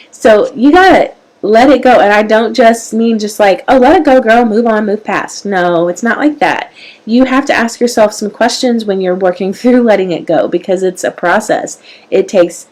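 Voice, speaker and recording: A woman hosting a parenting show, giving an earnest, animated motivational talk straight to her viewers. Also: mid-range voice, rough recording. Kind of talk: live-streamed motivational talk.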